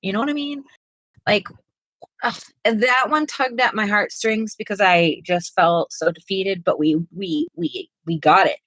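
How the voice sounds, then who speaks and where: A woman's voice: medium pitch, a little slow, fairly bright tone, no room sound, low-quality recording. A middle-aged woman co-hosting a live art stream, chatting casually and rambling with lots of fillers and restarts. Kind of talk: casual chat while painting.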